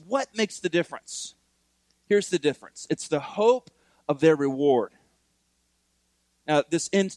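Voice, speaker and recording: A man's voice: sits high, no echo. Earnest man preaching a sermon. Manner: earnest, repeats key points for emphasis. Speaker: pastor.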